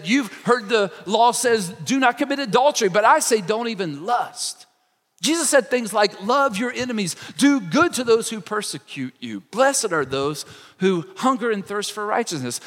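Male pastor, expressive sermon delivery, reverberant sanctuary sound. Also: sits high. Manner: expressive preaching, acts out quoted lines.

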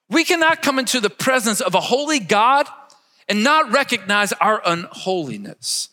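A man's voice: high-pitched, sing-song, moderate pace, pushed and bright, big-room sound. A man preaching a sermon emphatically, leading his listeners to repeat words after him. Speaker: pastor.

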